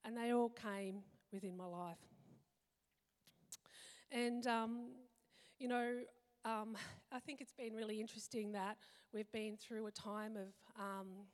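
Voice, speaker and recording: A woman's voice: a little high, fairly even intonation. Reflective woman in an echoing hall. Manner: heartfelt, reflective, lists things slowly. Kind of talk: personal reflective talk. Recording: long hall reverb.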